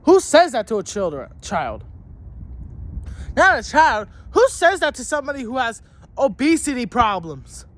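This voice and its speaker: A vlogger telling a story as an angry rant, swearing constantly and shouting at times. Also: medium pitch, big pitch swings, a little slow.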